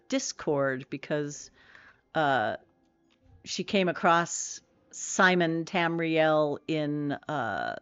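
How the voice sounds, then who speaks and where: A woman's voice: low voice, clear, resonant tone, no echo. Chatty middle-aged woman streamer, muffled sound. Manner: rambling and chatty, many fillers and self-corrections. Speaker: game streamer. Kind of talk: casual chat with viewers while streaming.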